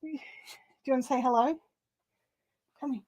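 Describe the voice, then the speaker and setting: A woman's voice: high-pitched, measured pace, darkish tone, no room sound, muffled recording. An Australian woman hosting a casual live craft chat, chatty and easily amused, a little out of breath. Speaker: craft livestream host.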